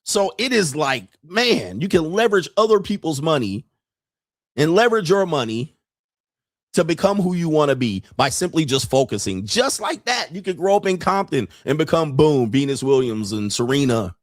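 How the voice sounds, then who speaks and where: A man hosting a casual commentary show, talking bluntly and profanely, laughing often and rising into animated disbelief. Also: a little high, normal speed, no room sound, clean studio sound. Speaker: podcast host.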